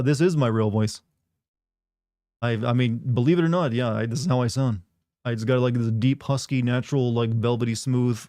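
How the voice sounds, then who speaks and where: Mellow-voiced sardonic male streamer. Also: medium pitch, no room sound, studio quality. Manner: rambling, sardonic, many "like" fillers. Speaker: game streamer. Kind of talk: casual chat with stream viewers.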